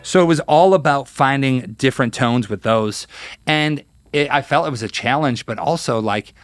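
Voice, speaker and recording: Animated man telling guitar stories. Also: medium pitch, normal speed. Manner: animated, acts out quotes, many fillers. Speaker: guest guitarist. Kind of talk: casual interview storytelling.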